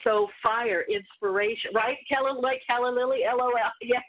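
A woman's voice: high voice, sing-song, moderate pace, vocal fry. A woman spiritual teacher telling a story in a casual, rambling way, full of asides and restarts. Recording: tinny phone-like line.

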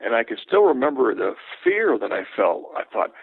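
An older man, a veteran sports broadcaster, telling relaxed anecdotes as an interview guest. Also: mid-range voice, fairly quick, slightly rough, dry recording. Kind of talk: casual interview, storytelling. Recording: tinny phone line, dry.

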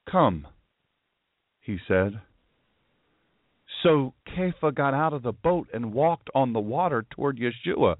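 A man's voice: mid-range voice, expressive, a little slow, no room sound, narrow, tinny audio. A man preaching a sermon who tells the story dramatically and acts out the voices of the people in it. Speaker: pastor.

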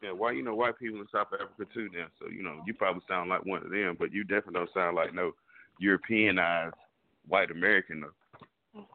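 A man's voice: low voice, quick pace. Blunt, teasing male co-host. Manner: blunt, teasing, heavy slang. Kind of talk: casual morning show chat. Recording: tinny phone-like audio.

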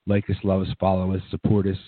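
Man, radio host, hoarse sick voice, very low pitch, rambling, dry phone-like sound. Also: completely flat delivery, quick pace, dry recording. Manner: rambling, filler-heavy, laid-back. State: hoarse from a cold. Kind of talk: casual radio show wrap-up.

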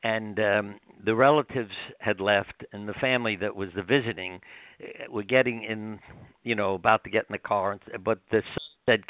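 An older man, a guest author, telling heartfelt stories in an animated, rambling way with many restarts, heard over a phone line. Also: on the low side, dry recording. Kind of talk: storytelling interview.

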